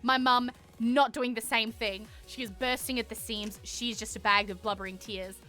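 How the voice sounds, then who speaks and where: A woman with an Australian accent, streaming and telling a story to her chat in a casual, animated way, swearing freely and acting out what people said. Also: a little high, moderate pace, soft background music.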